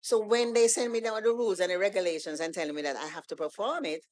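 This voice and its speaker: A woman guest on a podcast, telling a story in a casual, animated way and acting out the lines of the people in it. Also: medium pitch, quick pace. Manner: animated storytelling, acts out quoted dialogue. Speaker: guest poet.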